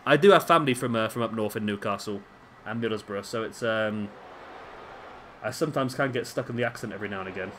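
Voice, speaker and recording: A man hosting a gaming channel, giving excitable let's-play commentary on a wrestling game and urging the wrestlers on aloud. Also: fairly low pitch, fast, noisy background.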